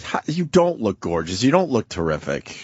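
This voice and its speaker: A man's voice: fairly low pitch, sing-song, moderate pace, a little mellow, breathy edge, no room sound, lo-fi sound. A man co-hosting a radio talk show, trading crude, incredulous banter with a mocking edge.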